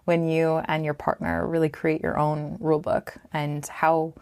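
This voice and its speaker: Low-voiced earnest woman podcast co-host. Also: completely flat delivery, unhurried, darkish tone, clear, resonant tone. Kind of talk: casual podcast chat.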